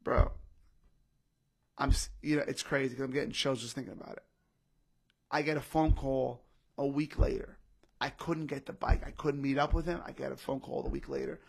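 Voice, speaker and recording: With a medium-pitched, steady, husky and gravelly voice at a moderate pace, a young comedian takes long pauses while telling an emotional personal story. It's casual podcast chat, full of repetition and frequent uses of "bro" and "literally".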